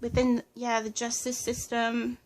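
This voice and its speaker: Soft-spoken woman giving a tarot reading. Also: a little high, completely flat delivery, measured pace. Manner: hesitant, channeling impressions, many fillers. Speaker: tarot reader. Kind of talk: casual pick-a-card reading.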